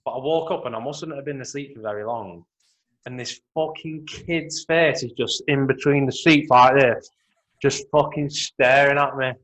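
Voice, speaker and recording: A man's voice: medium pitch, normal speed, a bit bright, rough recording. A man co-hosting a podcast, trading blunt, sweary banter in casual chat. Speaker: podcast co-host.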